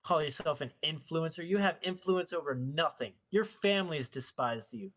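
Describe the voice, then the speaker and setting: A man's voice: a little high, moderate pace, a bit bright. A man in a casual podcast chat, ranting bluntly and crudely. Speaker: podcast co-host.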